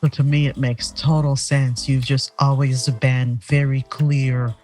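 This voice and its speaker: A woman hosting a podcast, summing up her guest's story in a measured, reflective way. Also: a bass voice, little pitch movement, a little mellow, faint music behind. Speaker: podcast host. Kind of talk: interview talk.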